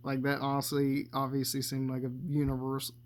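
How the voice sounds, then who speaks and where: A man's voice: mid-range voice, monotone, fairly quick. A man giving a casual spoken movie review, rambling and swearing a lot and chuckling as he talks.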